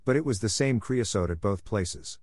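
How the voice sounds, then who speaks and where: Man voicing a kind peacemaking dog in a storybook, earnest, lowish voice, close dry sound. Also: animated, moderate pace, darkish tone, no room sound. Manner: earnest, pleading. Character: kindly female dog, motherly peacemaker.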